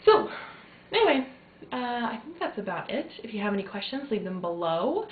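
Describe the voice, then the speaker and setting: A woman's voice: fairly high pitch, very animated, moderate pace, a little hiss or hum. A young woman, a new mother, chatting casually to camera in a rambling way with many fillers. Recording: tinny lo-fi phone-like sound in echoey room.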